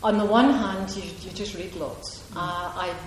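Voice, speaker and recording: Talkative woman novelist at a reading, digressive and emphatic, mid-pitched, very roomy hall sound. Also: fairly even intonation, a little slow. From Ayrshire, Scotland. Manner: chatty, digressive, laughs often, emphatic. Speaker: author at a reading. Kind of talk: audience Q&A answer. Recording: echoey hall with faint noise.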